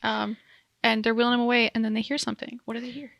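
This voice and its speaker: A woman's voice: fairly high pitch, flat delivery, fast, gravelly, fairly bright tone, no echo, studio quality. A woman co-hosting a podcast, chatting casually and laughing often. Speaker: podcast co-host. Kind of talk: casual chat.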